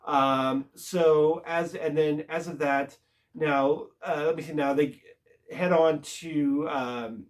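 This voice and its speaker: A man casually recapping a TV episode, rambling and halting with lots of filler words. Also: a little high, steady tone. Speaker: TV show reviewer.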